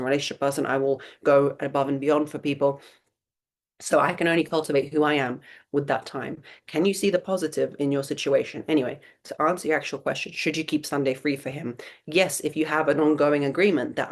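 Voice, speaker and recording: A woman in her thirties hosting a live webinar Q&A, answering viewer questions with blunt, emphatic advice and lots of rhetorical questions. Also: sits low.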